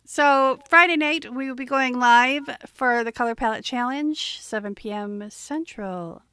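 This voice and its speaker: A woman's voice: a little high, measured pace, a bit bright, clear, resonant tone, dry recording. A woman hosting an art livestream, chatting casually and thinking aloud as she goes. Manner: rambling, thinks aloud with fillers. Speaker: livestream host and artist.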